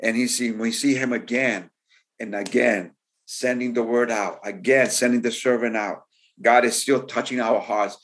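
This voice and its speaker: A male preacher delivering a sermon in a voice of ordinary pitch. He builds his phrases through repetition and breaks out in fervent exclamations. His speech is full of stumbling restarts. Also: fairly even intonation, normal speed, fairly bright tone. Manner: stumbling restarts, repeating words.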